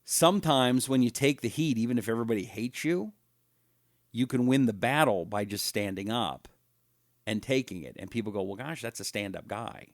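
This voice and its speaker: A man's voice: mid-range voice, moderate pace, no room sound. A middle-aged male talk radio host with a mid-range voice, spinning stories in a loose, chatty way. He is close on the mic, and the sound is dry with no room around it. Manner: chatty storyteller, reads viewer comments aloud. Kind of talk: live-streamed talk show monologue.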